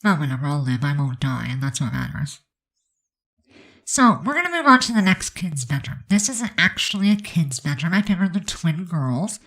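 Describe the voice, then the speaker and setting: A woman's voice: deep voice, big pitch swings, moderate pace, a bit bright, low-quality recording. A woman with a stuffed-up, congested voice giving a chatty, rambling voice-over commentary on a game build. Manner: chatty, rambling, many fillers.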